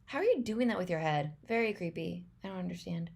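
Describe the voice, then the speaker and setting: A woman's voice: fairly low pitch, lively intonation, fast, vocal fry, a little mellow. A young woman chatting casually as she reacts to a movie trailer, rambling and laughing often.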